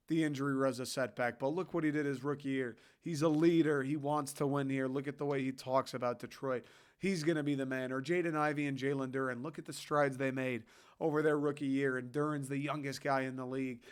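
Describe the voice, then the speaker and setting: A young man from hosts a casual podcast, riffing sarcastically and swearing freely. His voice sits on the higher side and sounds smooth and resonant, with an animated, joking delivery. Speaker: podcast host. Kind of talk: casual solo rant.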